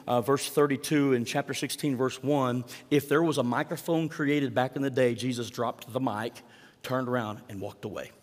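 A man's voice: medium pitch, long reverb tail. A man preaching a sermon in a conversational way, asking the congregation rhetorical questions. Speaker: pastor.

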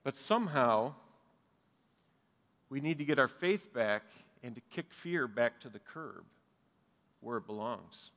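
Pastor preaching in a reverberant hall. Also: male voice, medium pitch, lively intonation, a little slow, long pauses, a bit bright. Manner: earnest, conversational preaching with light humor. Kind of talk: sermon. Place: church sanctuary, live and streamed.

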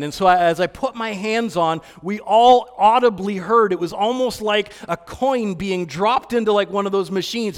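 Male pastor with a high voice, preaching a loose storytelling sermon in a church hall with a long echo. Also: normal speed, hardly any pauses. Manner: relaxed, storytelling, with fillers and restarts. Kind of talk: conversational sermon.

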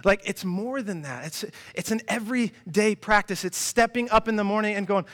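A young man preaching a sermon in a church, animated and chatty, often restarting his sentences and acting out quoted voices. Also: sits high, normal speed. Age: young adult. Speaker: pastor. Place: church hall.

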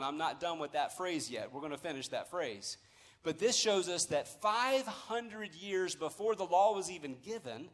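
A man preaches a sermon from the pulpit of a church, his voice sitting high for a man. He presses hard on key words and stretches out the phrases he wants to land. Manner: emphatic preaching with slow stressed phrases. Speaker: pastor. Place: church sanctuary.

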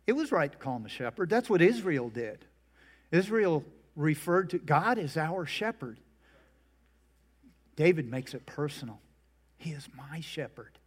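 A middle-aged man preaching a sermon, telling folksy stories and jokes. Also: a little high. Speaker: pastor. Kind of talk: humorous sermon.

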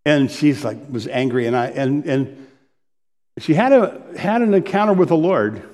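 Middle-aged male pastor, chatty sermon delivery, slightly higher voice, echoing church hall. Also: animated, moderate pace, darkish tone. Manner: conversational, with asides and self-deprecating humor.

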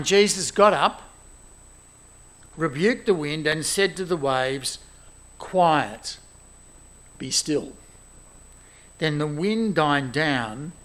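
A man preaching a sermon, animated and exclaiming, moving between loud emphasis and quiet asides. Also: on the high side, gravelly.

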